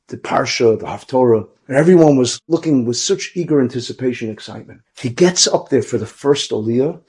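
A man who is a rabbi, telling an inspirational story in a conversational way, moving between emphatic bursts and hushed asides. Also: mid-range voice.

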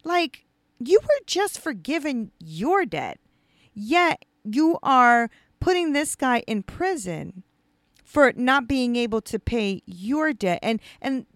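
A woman's voice: fairly high pitch, big pitch swings, slow, no echo, studio quality. A woman giving a casual devotional teaching, talking conversationally with lots of fillers and restarts. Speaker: speaker retelling a parable.

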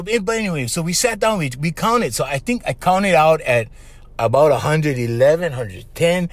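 Lively rambling man with a lilt. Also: a little high. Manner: rambling, laughs often, talks to listeners directly. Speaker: host, former radio voice performer. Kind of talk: rambling casual monologue.

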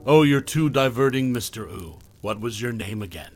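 A gentle, weary mother with a soft, comforting voice, read by a male narrator in a spoken horror story. Her pitch sits in an ordinary middle range. Faint music plays underneath. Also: expressive, moderate pace, lightly acted.

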